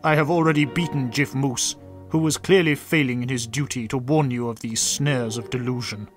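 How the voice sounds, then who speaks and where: A man's voice: mid-range voice, steady tone, moderate pace, soft background music, lightly acted. A man playing a stern, violent middle-aged father who speaks in a grave, clipped, menacing way.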